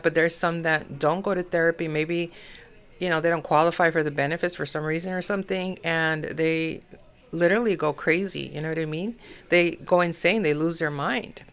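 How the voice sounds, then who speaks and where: Woman, middle-aged, astrology podcast host, low voice, casual rambling monologue, lots of fillers. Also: fairly bright tone, clean tone. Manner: chatty, many fillers like "you know".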